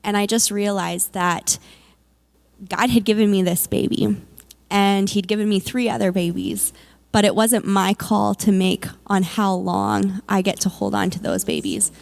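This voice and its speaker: A woman's voice: medium pitch, unhurried, gravelly, darkish tone. A woman, a mother, sharing a personal faith testimony at a church service in a candid, conversational way, with frequent "like" and "um".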